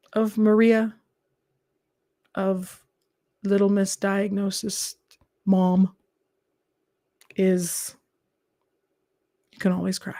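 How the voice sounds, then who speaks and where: A woman speaks on a live stream in an unhurried, earnest way. Her voice carries a gravelly fry and sometimes sinks to a soft whisper. The sound is close and dry. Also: mid-range voice, dry recording. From Canada. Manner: gentle, earnest, drops into soft whispered asides. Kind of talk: calm reflective live-stream talk.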